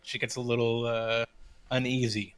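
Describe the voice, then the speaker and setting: A man's voice: medium pitch, little pitch movement, normal speed, a bit bright. A man with a mid-range voice narrates as game master of a tabletop game. He talks casually and loosely, often restarting his sentences. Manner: casual, many fillers and restarts.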